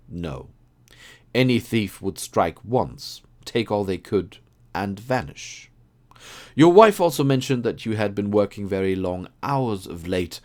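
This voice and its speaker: A man's voice: lowish voice, darkish tone, voice pushed up. A man reading an audiobook, voicing a keen, precise male detective who explains his deductions. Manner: crisp, assured, explaining.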